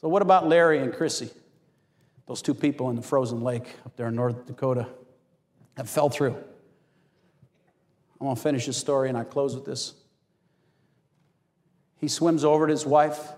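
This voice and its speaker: A man preaching a sermon as pastor, telling stories with animated acted-out quotes. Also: mid-range voice, moderate pace, long pauses. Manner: animated storytelling, acts out quotes. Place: church hall. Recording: long hall reverb.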